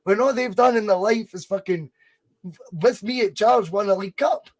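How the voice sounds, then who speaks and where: A Scottish man trades banter on a football podcast, swearing freely and mocking the people in his stories. His voice is notably high for a man. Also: fairly quick. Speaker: podcast co-host. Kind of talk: casual banter.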